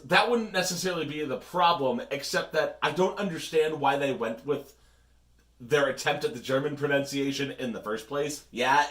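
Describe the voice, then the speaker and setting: A man's voice: mid-range voice, fairly bright tone. A man co-hosting a casual podcast, rambling through wry asides. His voice sits in a middle range. The room has a noticeable echo. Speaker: podcast co-host. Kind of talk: casual chat.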